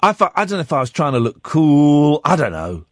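A man's voice: on the high side, fairly quick, no echo, clean studio sound. A man hosting a radio show, chatting casually in a rambling way with many restarts. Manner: animated, rambling, stumbling restarts. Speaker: radio host.

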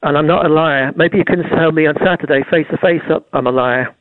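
A man's voice: fairly high pitch, fairly quick, no room sound. A nervous man phones in to a radio show, agitated and stumbling over his words. His voice comes through a thin, tinny phone line and sounds dry and close. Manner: agitated, stammering, repeats himself. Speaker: caller.

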